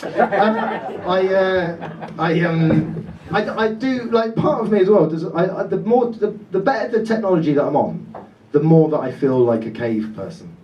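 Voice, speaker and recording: A man from Britain doing stand-up crowd work, swearing and laughing as he fires off quick, self-interrupting banter. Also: high-pitched, slight background noise. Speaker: stand-up comedian. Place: comedy club stage before a laughing audience. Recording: roomy club sound from a distance, dull.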